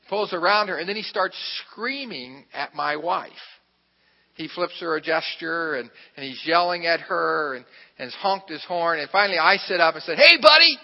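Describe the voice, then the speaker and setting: A man's voice: a little high, moderate pace, vocal fry. A man preaching a sermon, telling a personal story in a conversational, self-deprecating way, with asides to the congregation. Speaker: pastor. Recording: reverberant, muffled hall recording.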